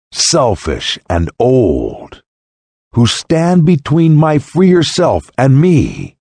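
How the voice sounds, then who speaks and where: A man's voice: medium pitch, a little mellow, husky, dry recording, heavily acted. A man voicing a resentful young daughter who accuses her mother in a storybook parable. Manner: bitter, accusing.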